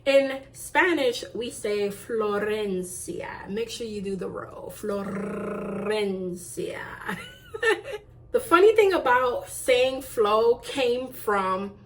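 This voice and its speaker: A woman vlogger talks straight to the camera in a casual, gushing way, piling up thanks and repeating herself. Her voice sits a little on the high side. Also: very animated, takes it slowly, a little hiss or hum. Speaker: YouTube channel host. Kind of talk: casual vlog chat to camera.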